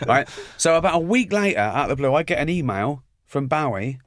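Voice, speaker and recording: A man chatting as a guest, telling animated anecdotes and acting out the quoted lines. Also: fairly high pitch, a little fast, no room sound, studio quality. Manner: animated storyteller, acts out quotes. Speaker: comedian and guest. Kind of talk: anecdotal chat.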